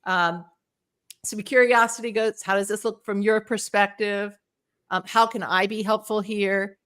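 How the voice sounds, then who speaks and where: Woman, guest speaker, mid-pitched voice, earnest, energetic, storytelling. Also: measured pace, clean tone. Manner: earnest and energetic, tells anecdotes. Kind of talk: conversational storytelling.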